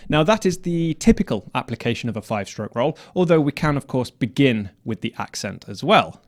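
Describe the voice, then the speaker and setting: A man's voice: mid-range voice, big pitch swings, a little fast, slight background noise. A man teaching snare drum technique, explaining step by step and counting strokes aloud. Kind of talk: instructional explanation.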